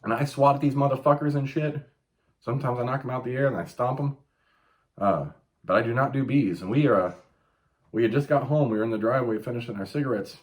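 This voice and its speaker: Late 30s guy ranting casually, swears a lot, yelps when he acts stuff out, mid-pitched voice. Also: fast talker. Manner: profane, animated storytelling with yelped quotes. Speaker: podcast host. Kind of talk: casual chat.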